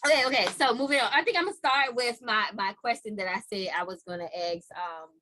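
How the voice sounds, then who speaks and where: A woman hosting a podcast, a parent talking in a blunt, profane, animated way in casual chat. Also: fairly high pitch, quick pace, slight background noise. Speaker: podcast host.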